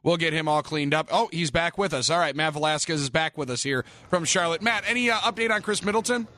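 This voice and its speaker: A man hosting a sports radio postgame show, chatting smoothly and upbeat with a reporter. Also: fairly high pitch, fast, pushed and bright, dry recording. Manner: smooth, upbeat broadcaster delivery.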